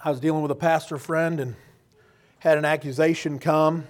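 Folksy preacher, fairly high voice. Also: male voice, fairly even intonation, moderate pace. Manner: folksy, joking asides with quoted voices. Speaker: pastor. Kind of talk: sermon.

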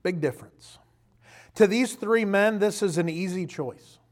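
Preacher, male, high voice, animated delivery that swells to loud emphatic bursts. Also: unhurried. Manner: direct questions to the listener. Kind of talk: sermon.

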